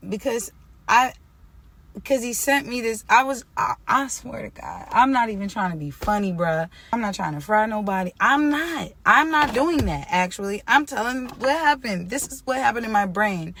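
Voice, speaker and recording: Woman, storytime vlogger, animated, jumps from loud outbursts to hushed near-tearful asides, mid pitch. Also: normal speed. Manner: animated, swings from loud exclamations to quiet near-tearful murmuring. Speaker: singer-songwriter. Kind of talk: storytime vlog.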